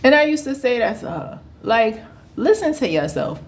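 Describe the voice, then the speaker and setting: Animated woman telling a story. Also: fairly high pitch, moderate pace. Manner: animated, acts out quoted voices; laughs often at her own story. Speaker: vlogger. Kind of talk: casual storytime.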